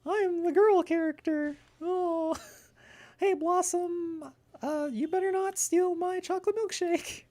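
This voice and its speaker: A man putting on a squeaky falsetto voice for a generic cartoon girl character. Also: steady tone, slow pace, a little mellow. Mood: cutesy.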